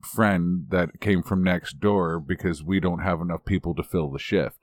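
A man's voice: low-pitched, fairly even intonation, moderate pace. A Canadian man co-hosting a podcast, telling a rambling, self-mocking story in casual chat and laughing as he goes. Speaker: podcast co-host.

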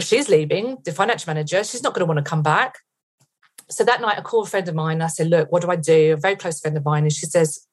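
Podcast guest, woman, middle-aged, from England; lower register, lively storyteller who acts out her inner voice. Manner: vivid retelling with quoted inner thoughts.

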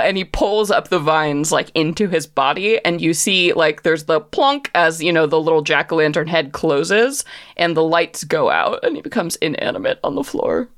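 A woman's voice: sits low, expressive, normal speed. A woman narrating a tabletop game as game master, chatty and hesitant, with many fillers.

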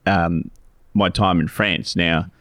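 A middle-aged Australian man co-hosts in easy, meandering chat. His voice sits low with a gravelly edge, and the sound is dry and close. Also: steady tone, slow, a bit bright, dry recording. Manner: meandering anecdotal storytelling. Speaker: podcast co-host, financial adviser. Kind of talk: casual chat.

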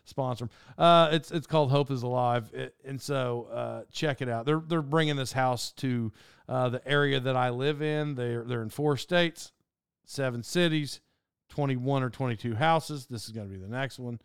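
A man's voice: mid-range voice, moderate pace, creaky, clear, resonant tone, no room sound, studio quality. A man hosting his own podcast, telling a rambling, self-mocking story and laughing often. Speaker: podcast host. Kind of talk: casual storytelling monologue.

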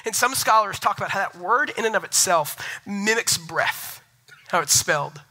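A young man preaching a sermon as pastor, telling stories with animated, rising energy. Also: sits high, normal speed, rough recording. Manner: animated storytelling, rising loud when excited.

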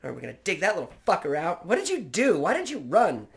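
Man playing a fussy fawning barber surgeon, camp, quick comic bit, slightly raised pitch. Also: huge pitch swings, gravelly, full character voice. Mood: brisk.

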